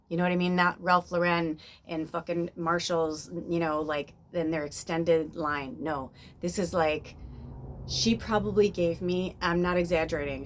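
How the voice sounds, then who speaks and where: A woman's voice: lowish voice, a little hiss or hum. A woman in her fifties chatting casually to camera at home, rambling with lots of fillers and the odd swear word. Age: 50s. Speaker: spiritual medium and channel host.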